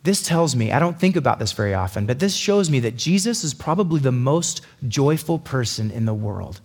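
A man delivers a casual, conversational sermon with a medium-pitched, slightly rough voice. He's chatty and animated, often slipping into quick little voices to make his points.

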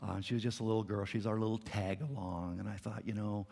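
A man's voice: fairly low pitch, steady tone, brisk, vocal fry, warm tone, breathy edge, big-room sound. A middle-aged man preaching a sermon in a church, earnest and conversational with touches of light humor. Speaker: pastor. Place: church sanctuary.

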